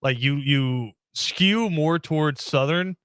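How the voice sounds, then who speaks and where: A man's voice: on the high side, slow pace, fairly bright tone, clean tone, no echo. A man hosting a sports podcast in casual, joking banter with his co-host.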